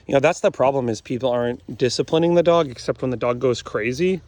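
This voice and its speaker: A man's voice: mid-range voice, fast talker, darkish tone. A man working as a dog trainer, talking through a session outdoors in a blunt, matter-of-fact way. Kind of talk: casual explanatory commentary while training.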